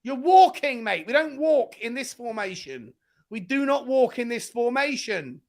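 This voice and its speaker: A man hosts a fan show and calls the match live as it unfolds. He is excitable and often yells encouragement or scolding at the players. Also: very high-pitched, measured pace. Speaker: host of a football fan show. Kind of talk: live match watch-along commentary.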